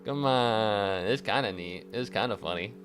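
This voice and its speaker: A man streaming casually, sarcastic and swearing often, swinging from mock-angry rants to quiet deadpan asides, sounding tired and stressed. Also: lowish voice, moderate pace, faint music behind. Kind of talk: casual live-stream chat.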